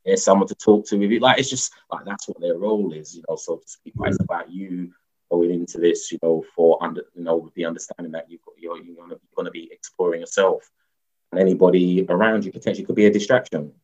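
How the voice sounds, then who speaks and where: Low husky man, lo-fi sound. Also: steady tone, fast, darkish tone. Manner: rambling, many "you know" fillers, laughs often. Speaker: guest, mushroom educator. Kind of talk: casual conversational interview. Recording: dull lo-fi sound.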